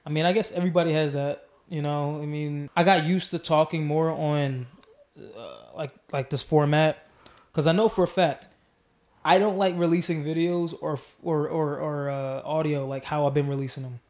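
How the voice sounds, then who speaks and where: Man, podcast host, casual rambling chat, mellow, fairly high voice. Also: fairly even intonation, moderate pace. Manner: rambling, many restarts and fillers.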